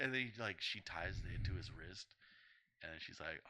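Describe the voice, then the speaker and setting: A man's voice: low-pitched, moderate pace, a little hiss or hum. A young man on a casual podcast, retelling a film's plot crudely and acting out the characters as he goes. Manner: animated storyteller acting out characters' voices. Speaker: podcast co-host.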